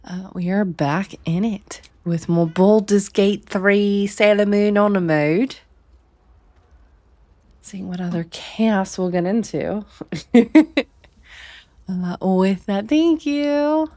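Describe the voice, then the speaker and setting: A woman's voice: medium pitch, takes it slowly, dark tone, no room sound. A woman hosting a game stream, chatting casually and talking through her plans. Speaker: streamer host. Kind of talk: casual gameplay commentary.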